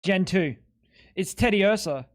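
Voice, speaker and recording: Excitable, foul-mouthed streamer talking to chat. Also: medium pitch, unhurried. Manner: excitable, profane, self-mocking banter. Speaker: live streamer. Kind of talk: live-stream gaming commentary to chat.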